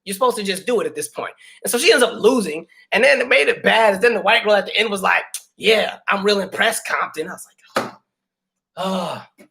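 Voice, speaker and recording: A man in his thirties hosts a casual livestream and tells stories to his viewers with plenty of fillers. His voice sits a bit high and sounds bright and forward. He keeps it loose and animated. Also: quick pace, creaky. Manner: animated storytelling, many fillers. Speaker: livestream host.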